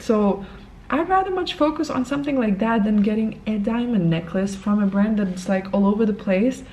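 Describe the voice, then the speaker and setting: Gravelly-voiced young woman vlogging. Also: medium pitch, slight background noise, low-quality recording. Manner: animated storyteller, acts out both sides of a conversation. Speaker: lifestyle vlogger. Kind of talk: casual vlog chat to camera.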